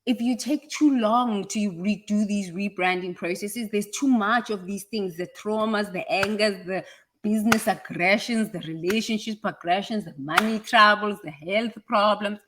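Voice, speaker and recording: A South African woman with a British-tinged accent giving a passionate motivational talk, swinging from quiet asides to loud, emphatic repeated lines. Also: mid-range voice, moderate pace, slight background noise. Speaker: speaker on personal growth.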